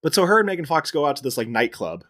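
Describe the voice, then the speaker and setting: A man's voice: on the high side, big pitch swings, very fast, a bit bright. A man co-hosting a podcast, casually recapping a movie's plot scene by scene and laughing often. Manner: retells scenes with bits of quoted dialogue, laughing often. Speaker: podcast co-host.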